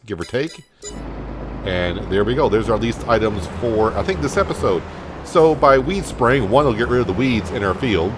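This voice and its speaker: Casual man narrating a farming game. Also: fairly low pitch. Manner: relaxed, chatty, thinks aloud with fillers. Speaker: gameplay commentator. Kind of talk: casual let's-play commentary. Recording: noticeable background noise.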